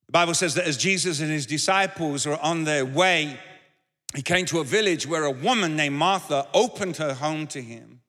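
A man's voice: a little high, normal speed, bright, forceful tone, big-room sound. A man preaching a sermon as pastor, talking conversationally and repeating words as he goes. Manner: conversational, repeats words, shifts into acted quotes.

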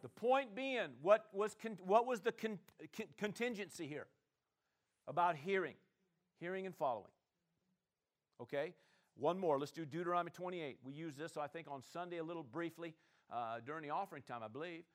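A man preaching a sermon, calling on the congregation to answer and swinging between loud declarations and quiet asides. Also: on the high side, normal speed. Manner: call-and-response preaching, swings from loud to soft. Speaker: pastor.

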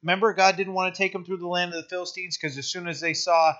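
A man's voice: high voice, flat delivery, fast, fairly bright tone. A man preaching a conversational sermon to his church and often asking "right?" to his listeners. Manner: rhetorical questions, asks "right?" often. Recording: dull lo-fi sermon recording.

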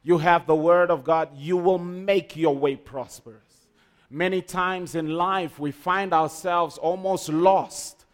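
A man's voice: fairly high pitch, fairly even intonation, takes it slowly. A man preaching a sermon, emphatic, with call-and-response to the congregation. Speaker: pastor.

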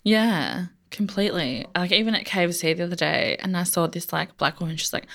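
A woman's voice: lowish voice, a little fast, creaky, hardly any pauses, a bit bright. A young woman, talking casually as a podcast guest, with many fillers and frequent laughs. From Australia. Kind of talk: casual chat.

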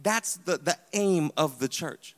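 A man's voice: fairly high pitch, slow pace. Man preaching in a reverberant hall. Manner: animated, emphatic preaching with repeated "hear me". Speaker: pastor. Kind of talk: sermon. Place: church sanctuary.

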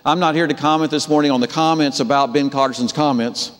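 A man preaching a sermon, telling the story with animated delivery and acting out the characters' voices. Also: on the high side, a little fast, in a large hall. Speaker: pastor.

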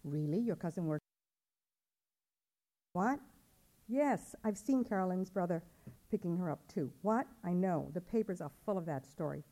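Voicing a worried young mother looking for her lost daughter, a woman uses a warm, lowish voice with lively intonation at normal speed, broken by long pauses. Her questions come out anxious, polite, and pleading.

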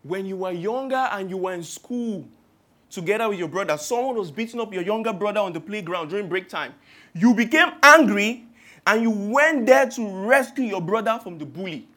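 A man's voice: high voice, lively intonation, a little fast, fairly bright tone. A man with a Nigerian accent preaching a sermon in a humorous, rhetorical way, piling up long spoken lists.

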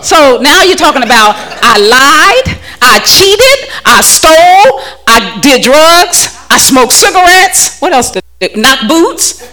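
Bright, lively woman giving a candid testimony. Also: high-pitched, takes it slowly. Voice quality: frank and chatty, often laughing, repeats words as she restarts. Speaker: speaker giving a personal testimony. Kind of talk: candid, humorous church testimony. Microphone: handheld microphone.

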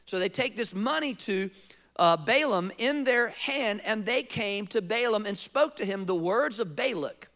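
A male pastor preaching a sermon, acting out quotes and asking rhetorical questions, sometimes dropping to a soft, close appeal. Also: high voice, animated, measured pace.

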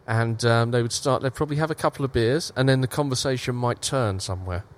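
A man from Britain, co-hosting a casual podcast, speaking in a posh-sounding, halting way with repeated words. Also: mid-range voice. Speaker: podcast co-host. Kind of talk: casual chat.

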